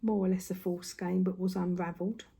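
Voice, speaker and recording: A woman's voice: on the low side, little pitch movement, a little fast, vocal fry, mellow, slightly rough. An older woman, chatting casually on her craft vlog, a little out of breath, rambling with lots of tag questions. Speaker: craft vlogger. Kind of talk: casual chat to camera. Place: home room.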